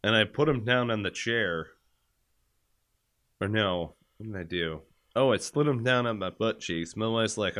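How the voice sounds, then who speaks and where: Bright-voiced man swearing through back pain. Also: fairly low pitch, normal speed. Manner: profane, laughing storyteller. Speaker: podcast co-host. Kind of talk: casual chat.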